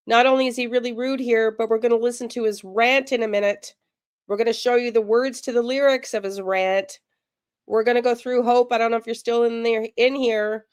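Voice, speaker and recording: A woman's voice: on the high side, clean tone. A woman hosting a live true crime stream, chatting straight to her viewers. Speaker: true crime channel host.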